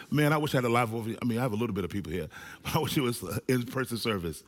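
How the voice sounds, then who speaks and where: A male pastor preaching a sermon to a small church gathering, with animated delivery that swings between loud and hushed. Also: medium pitch, very fast, big-room sound. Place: small church service with few people present.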